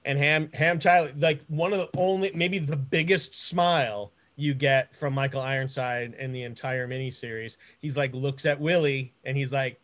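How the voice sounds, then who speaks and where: A man's voice: mid-range voice, moderate pace, hardly any pauses, a bit bright. A man co-hosting a podcast, chatting casually with many fillers and restarts, sometimes mimicking characters. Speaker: podcast co-host. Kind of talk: casual chat.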